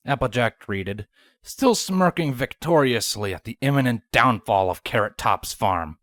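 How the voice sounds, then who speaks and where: Low-voiced woman reading a story. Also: normal speed, dry recording, clean studio sound. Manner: expressive reading. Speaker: fanfiction reader. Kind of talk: storybook narration.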